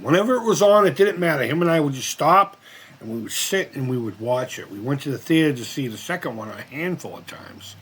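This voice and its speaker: Husky guy rambling and cussing thru a casual video reaction, voice bounces up and down a lot. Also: on the high side, a bit bright. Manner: rambling, swears freely. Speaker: host of a retro gaming and movie channel.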